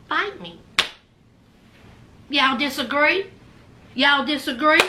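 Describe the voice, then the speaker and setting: A woman's voice: very high-pitched, big pitch swings, slow pace, background noise. A woman giving a casual recap of a reality show, sassy and speaking straight to her viewers.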